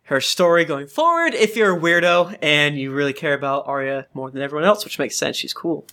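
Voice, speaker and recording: A man co-hosting a casual book discussion podcast, joking and acting out characters in quick voices. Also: a little high, animated, sharp tone. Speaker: podcast co-host.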